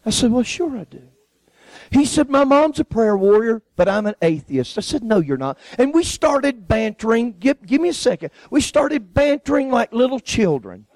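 A man's voice: very high-pitched, very animated, moderate pace, darkish tone, no room sound, poor audio. A man preaching, telling a personal story and acting out the people in it. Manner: folksy storyteller acting out quoted voices. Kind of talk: sermon testimony storytelling.

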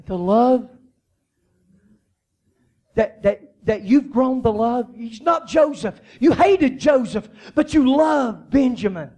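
A male pastor delivers a sermon in a strikingly high voice at an unhurried, deliberate pace. He drops into soft, low storytelling and then climbs to loud, shouted peaks, repeating phrases as he builds. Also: expressive. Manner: repeats and restarts phrases while preaching.

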